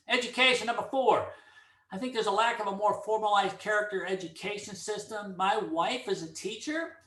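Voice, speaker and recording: A middle-aged man gives a casual opinion monologue with anecdotes, his fairly high voice bright and forceful. An animated storyteller, he tells stories with lots of energy and acts out each exchange, and the sound has an echoey, roomy ring.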